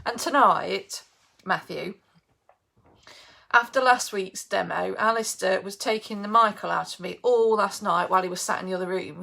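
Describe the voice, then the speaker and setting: A woman's voice: fairly high pitch, fairly bright tone. A middle-aged woman from England chatting casually on a live baking stream, greeting viewers by name and laughing often.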